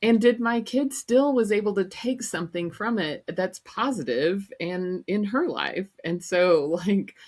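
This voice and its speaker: A woman's voice: medium pitch, slightly rough. A woman in her fifties, a grandmother co-hosting a podcast, chatting candidly and telling stories with frequent laughs. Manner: candid, laughs often, storytelling. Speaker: podcast co-host. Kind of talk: casual chat.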